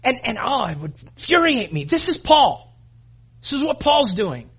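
A man's voice: very high-pitched, very animated, moderate pace, fairly bright tone, breathy edge. A man preaching a sermon as a pastor, speaking emphatically, building intensity and addressing the congregation directly. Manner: calls the congregation "gang", acts out voices.

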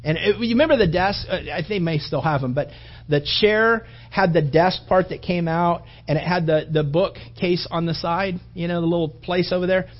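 A man preaching a sermon, telling animated stories with asides to the congregation. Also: high-pitched, moderate pace, lo-fi sound.

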